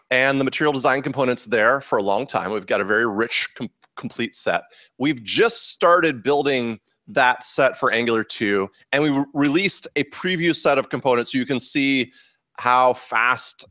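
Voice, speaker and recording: A man of middle pitch hosts a tech meetup and runs through announcements in a loose, easygoing way, with the odd joke and restart. His voice is recorded dry and close, with little sound of the room. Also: fairly bright tone, no room sound. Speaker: meetup host giving announcements. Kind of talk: casual presentation to a live audience.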